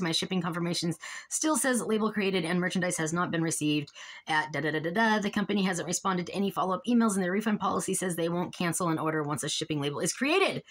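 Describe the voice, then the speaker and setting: A young woman in a casual vlog at home, reading out emails and complaints, frustrated and exasperated, trailing off and restarting. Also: medium pitch. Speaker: vlogger.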